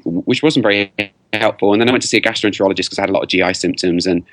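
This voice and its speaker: A man's voice: low voice, very fast, a bit bright, dry recording. A man with a British accent, a podcast guest, telling his own story candidly with fillers. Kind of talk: podcast interview.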